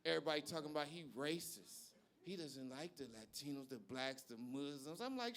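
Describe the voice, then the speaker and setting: A male stand-up comedian performing live on a club stage, brash and profane, shouting his punchlines. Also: fairly high pitch, expressive, brisk, few pauses.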